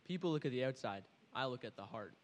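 A woman voicing God as a deep, unimpressed male voice that flatly turns people down in a church skit. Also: quick pace, big-room sound. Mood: curt. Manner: flat, dismissive refusals.

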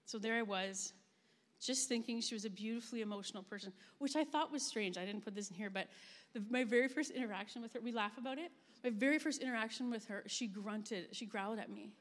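Woman, heartfelt spoken testimony, gentle pauses, higher pitch, big echoey room. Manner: earnest, storytelling, gentle pauses. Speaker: camp ministry leader giving a talk. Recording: long reverb of a large room.

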